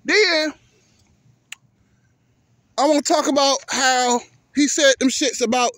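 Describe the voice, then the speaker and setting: A man's voice: very high-pitched, slow pace, fairly bright tone, dry recording. A man ranting heatedly about basketball, cursing often and tripping over repeated words. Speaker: vlogger. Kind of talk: profane sports rant.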